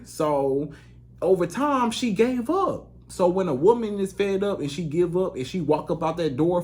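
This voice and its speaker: An animated man with a slightly high voice speaks as he coaches women on dating. He talks in a loose, repetitive way, filling pauses with "you know". He often jumps into squeaky, disbelieving outbursts when acting out what a man feels. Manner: animated, acts out quoted reactions with sudden high-pitched outbursts. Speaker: relationship coach. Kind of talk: advice monologue to camera.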